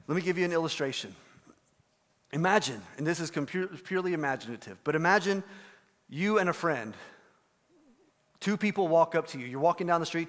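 A man preaching a sermon as pastor, telling a story and acting out the quoted voices with animated delivery. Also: fairly high pitch, in a large hall. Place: church sanctuary.

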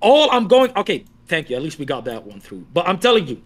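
A man with a notably high voice argues his case as a co-host, insistent and blunt in a heated casual back-and-forth. He swears freely and keeps pressing his point. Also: big pitch swings, fast.

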